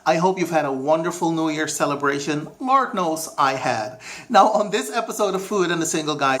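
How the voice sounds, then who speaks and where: A man's voice: a little high, a bit bright. A man from Suriname hosting his own cooking channel, talking in a theatrical, sassy, chatty way. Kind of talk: cooking vlog.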